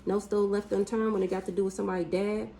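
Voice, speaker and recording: Woman, mid-pitched voice, spiritual reading, casual monologue, blunt, profane, humming asides. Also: level tone, gravelly, mellow, slight background noise, rough recording. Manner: blunt and profane, with drawn-out hums and exclamations. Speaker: spiritual reader.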